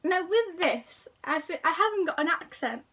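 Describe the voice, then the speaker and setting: A woman's voice: very high voice, lively intonation, moderate pace, a bit bright, distant mic. A young woman chatting to camera in a rambling, self-deprecating way, talking casually about herself. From England. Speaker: YouTuber.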